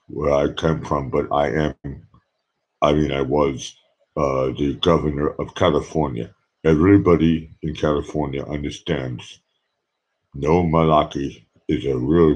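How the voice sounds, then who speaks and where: A heavy put-on Austrian accent in a very deep register, each phrase delivered slowly and deliberately like a grand pronouncement. A man is doing the voice. The tone is husky rather than clean. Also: darkish tone, exaggerated voice. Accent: put-on Austrian German. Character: impression of a famous Austrian-born bodybuilder actor.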